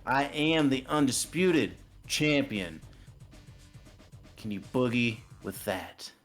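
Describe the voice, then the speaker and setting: A man's voice: medium pitch, lively intonation, slow pace, soft background music. A man voicing a boastful, glamorous female wrestling champion with a disco gimmick, delivering defiant trash talk. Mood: defiant boasting.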